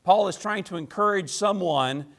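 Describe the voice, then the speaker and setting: Pastor guy preaching, kinda high voice, keeps repeating himself for emphasis, talks to the folks like a chat. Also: normal speed, vocal fry, a bit bright. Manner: repetitive, emphatic preaching with rhetorical questions; folksy, conversational address to the congregation. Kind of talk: sermon.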